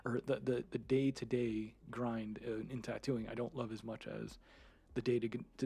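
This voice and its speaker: A man's voice: mid-range voice, flat delivery, normal speed, creaky, darkish tone. A man streamer in casual live chat, rambling freely, laughing often and swearing. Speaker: streamer and 3D content creator.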